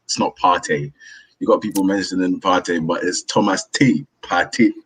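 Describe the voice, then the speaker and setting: A man with a low, husky voice hosts a casual football podcast over a remote call. He talks in an upbeat, rambling way and breaks into laughter easily. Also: fairly even intonation, brisk, low-quality recording. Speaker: podcast host.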